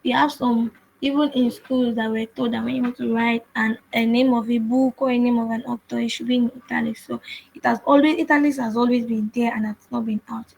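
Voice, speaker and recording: A woman's voice: a little high, fairly even intonation, brisk, creaky, a little mellow, a little hiss or hum, poor audio. A woman teaching web development in a screen-share coding tutorial, explaining patiently and repeating herself with frequent restarts.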